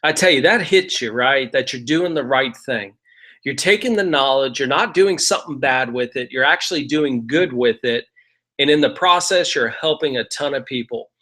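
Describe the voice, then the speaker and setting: A man's voice: medium pitch, normal speed, bright, forceful tone. A middle-aged man telling a real estate investing story as a casual lesson, talking conversationally and often checking in with "right?".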